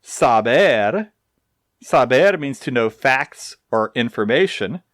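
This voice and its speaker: A man teaches grammar at an unhurried pace. His pitch rises and falls a lot as he stresses each form. The sound is close and dry, with no room around it. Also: lively intonation, fairly bright tone, dry recording. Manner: slow, deliberate explanations with dry humor. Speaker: Spanish teacher. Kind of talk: recorded grammar lesson.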